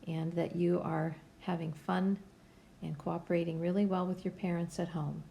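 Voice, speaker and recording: A woman's voice: on the low side, flat delivery, creaky, mellow, slight background noise. A woman teacher giving a patient, step-by-step phonics lesson to young students from home. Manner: slow, patient, step-by-step instruction.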